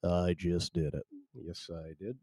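Man, podcast host, rambling chatty monologue, lowish mellow voice, dry close sound. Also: unhurried, husky, no echo. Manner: rambling, self-deprecating, chatty. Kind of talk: casual live podcast monologue. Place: home. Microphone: headphones and desk mic.

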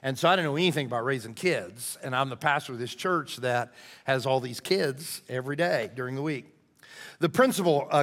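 A middle-aged man, a lead pastor, preaching with conversational storytelling that goes from lively to hushed and earnest. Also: medium pitch, long reverb tail. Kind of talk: storytelling sermon.

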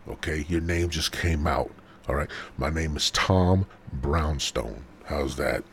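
A man's voice: a bass voice, slow, slight background noise. A man hosting a comedic podcast, rambling crudely and slipping into mock ASMR whispers. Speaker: podcast host.

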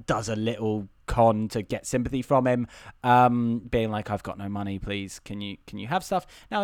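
A man's voice: mid-range voice, no echo. Guy on a podcast ranting about a movie plot, wry, kinda stumbly, dead dry mic. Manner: wry and opinionated, with frequent restarts. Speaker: podcast co-host. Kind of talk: casual film review chat.

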